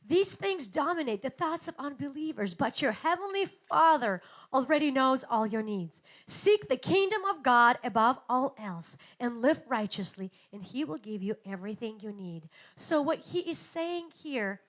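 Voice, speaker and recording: A woman in her thirties preaching a sermon, telling stories and acting out quotes with big swings in loudness. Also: sits high, expressive, normal speed. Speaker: pastor.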